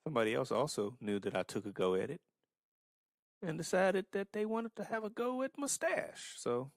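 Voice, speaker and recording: A man co-hosting a podcast in casual, joking banter, laid-back and swinging between loud and mumbled. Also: a little high, very animated, normal speed, vocal fry, no room sound, clean studio sound. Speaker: podcast co-host.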